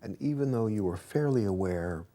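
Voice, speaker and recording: A man's voice: fairly low pitch, lively intonation, normal speed, warm tone. A man interviewing for a documentary, asking probing questions.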